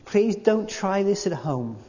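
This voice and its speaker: A man preaching a sermon, emphatic, repeating key phrases and slowing down to read quotations. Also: high-pitched, very animated, warm tone. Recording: dull lo-fi sound with long hall reverb.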